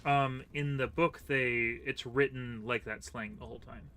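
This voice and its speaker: A man's voice: mid-range voice, steady tone, a little slow, bright, forceful tone, slight background noise. A man hosting a casual co-op game stream, rambling with lots of fillers and chuckles. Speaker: gaming channel host. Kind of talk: casual co-op gameplay chat.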